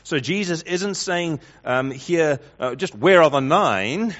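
A man preaching a sermon, building through rhetorical questions and swinging between loud emphasis and hushed lines. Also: on the high side, lively intonation, slow pace, hardly any pauses. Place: church hall with congregation. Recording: dull lo-fi sound.

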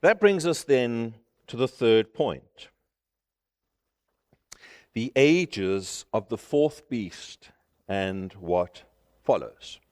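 A man preaching a sermon at a middle pitch, his emphatic delivery climbing into forceful, ringing declarations. His voice carries a long reverb from the church hall around him. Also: animated, drawn-out words, long pauses.

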